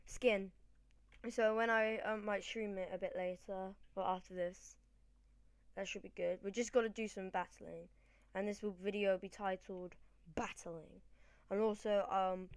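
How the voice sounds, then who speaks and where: Her gameplay commentary is loose and chatty: this British woman, a gaming channel host, rambles and frequently fixes what she's saying mid-sentence. She has a medium-pitched voice, and the recording has no echo.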